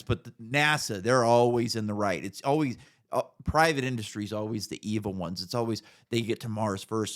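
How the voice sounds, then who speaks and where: A man's voice: fairly low pitch, a bit bright. A man in his thirties co-hosting a casual podcast, ranting with plenty of profanity and a mocking edge. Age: 30s. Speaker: podcast co-host.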